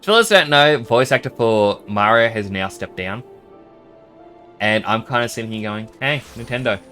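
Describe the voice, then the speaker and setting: A man's voice: lowish voice, animated, moderate pace, pushed and bright, soft background music. A chatty man with an Australian accent giving casual commentary while streaming a game and thanking viewers.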